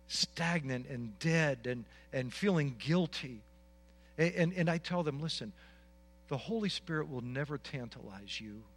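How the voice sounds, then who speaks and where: Male pastor, sermon, fairly high voice, earnest, repeats himself, builds to emphatic urging. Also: a bit bright. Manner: earnest, repeats words, rises to emphatic exhortation.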